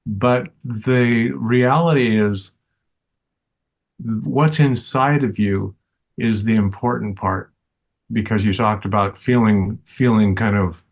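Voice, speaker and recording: An older man, a teacher, answering interview questions in a slow, earnest and reflective way. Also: on the low side.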